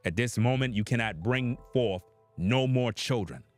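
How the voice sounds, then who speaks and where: A man's voice: mid-range voice, lively intonation, measured pace, soft background music. Blunt, profane commentator man. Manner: blunt, profane, preachy, addresses viewers as guys. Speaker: reaction commentator. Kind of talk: opinionated commentary.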